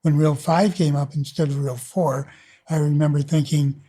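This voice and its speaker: A man narrating his own memories for an audiobook in a relaxed, unhurried way. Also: fairly high pitch, breathy edge. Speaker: filmmaker. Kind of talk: oral-history audiobook narration.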